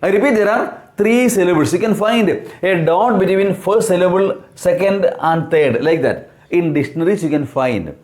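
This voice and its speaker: A man teaching English, explaining words slowly, spelling them out letter by letter and repeating key terms. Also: high-pitched, lively intonation, darkish tone. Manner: asks and answers his own questions. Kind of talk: slow explanatory lesson.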